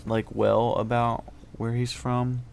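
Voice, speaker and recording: A man playing a tabletop game, talking hesitantly with lots of fillers and soft trailing endings. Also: mid-range voice, flat delivery, slow, creaky, clean tone. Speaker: player. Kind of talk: tabletop role-play chat.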